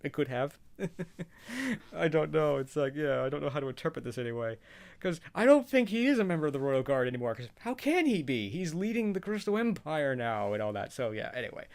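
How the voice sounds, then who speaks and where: Gravelly-voiced man rambling casually. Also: on the high side, big pitch swings, a little fast. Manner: rambling, hesitant, chuckles often. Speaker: show reaction vlogger. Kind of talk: casual spoken commentary.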